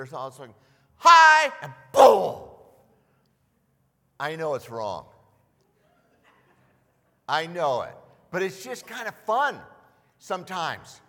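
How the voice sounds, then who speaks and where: A man preaching a sermon as pastor, telling the story with animated asides and acted-out voices. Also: high-pitched. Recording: long hall reverb.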